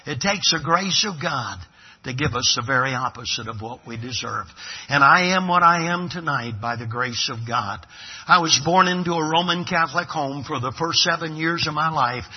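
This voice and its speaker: On dull audio, a husky man with a voice on the high side preaches at a moderate pace. Hailing from Brooklyn, New York, he delivers the sermon dramatically and emphatically, playing out small scenes with acted dialogue.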